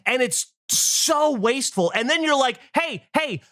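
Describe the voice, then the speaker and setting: A man's voice: very high-pitched, expressive, unhurried, pushed and bright, no room sound, clean studio sound. A middle-aged man co-hosting a podcast, ranting with exasperation and acting out little scenes in casual chat. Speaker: podcast co-host.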